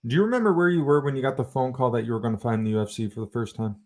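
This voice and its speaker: A man's voice: medium pitch, rapid-fire, a little mellow. A male host asking casual, chatty interview questions.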